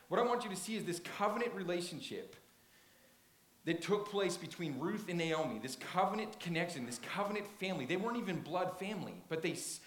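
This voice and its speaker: A man's voice: high-pitched, fairly bright tone. A man preaching a sermon in a church, retelling a story with earnest emphasis and frequent restarts. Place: church sanctuary. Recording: roomy echo.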